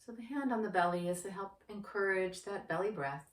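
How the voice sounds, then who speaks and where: A woman who works as a yoga therapist, guiding a breathing practice in a slow, gentle, soothing manner. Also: medium pitch. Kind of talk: guided breathing instruction. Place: indoor room with yoga mat. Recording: roomy, distant from the mic.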